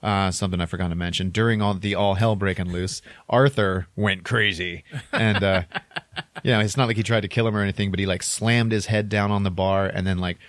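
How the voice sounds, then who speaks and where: Low-voiced man rambling through a story. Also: fairly even intonation, brisk, no room sound, clean studio sound. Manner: rambling storyteller, chuckles between lines, many "like"s. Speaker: podcast co-host. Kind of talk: casual chat, retelling a film plot.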